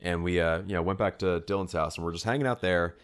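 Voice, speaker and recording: A man with a deep, low voice co-hosts a casual podcast chat. He rambles through his stories with plenty of fillers, restarts and asides, in a relaxed, everyday way. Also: fast, smooth. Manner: rambling, filler-heavy storytelling. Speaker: podcast co-host.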